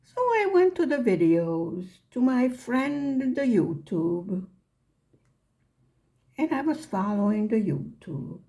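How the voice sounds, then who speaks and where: Female vlogger, mellow gravelly voice, unhurried chatty storytelling. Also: fairly high pitch, big pitch swings. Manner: chatty, self-deprecating, acts out quoted dialogue. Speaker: knitting vlogger. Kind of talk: casual storytelling.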